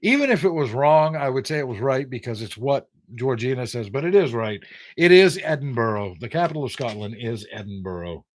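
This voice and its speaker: A man's voice: medium pitch, expressive, fairly quick. Older man teasing his trivia chat. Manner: teasing, sarcastic, reads viewer names aloud. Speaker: livestream trivia host. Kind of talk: casual live-chat trivia banter.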